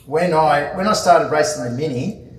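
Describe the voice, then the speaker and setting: A man's voice: a little high, normal speed. A man telling casual stories to a club audience, rambling with many fillers and restarts. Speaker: guest speaker. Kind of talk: casual anecdotal talk. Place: club meeting room. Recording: echoey room, distant mic, faint ambience.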